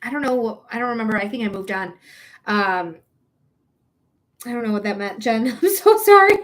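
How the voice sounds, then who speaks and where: In a mid-range voice at a moderate pace, a psychic reader chats on a live stream. She rambles, keeps it frank, and swears freely as she speaks directly to her viewers.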